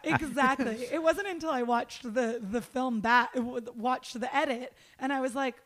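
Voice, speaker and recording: A woman who works as a red carpet interviewer, telling stories in a casual chat, animated and full of "like" and "dude". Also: sits high, normal speed. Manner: animated storyteller, lots of "like" and "dude".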